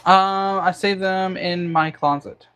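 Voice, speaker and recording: A man's voice: high voice, fairly even intonation, slow, sharp tone. Jokey man chatting while he cooks. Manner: jokey banter, reading viewer comments aloud. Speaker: livestream host. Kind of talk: casual livestream chat while cooking.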